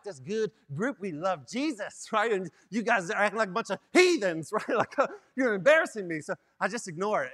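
A young man, a student ministry director, telling a funny story in a sermon, animated and self-mocking, often tagging his lines with "right?". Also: high voice.

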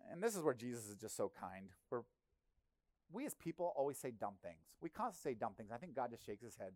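A male pastor preaching a sermon in a conversational, animated way, often acting out quotes. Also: on the high side, fairly quick, no echo.

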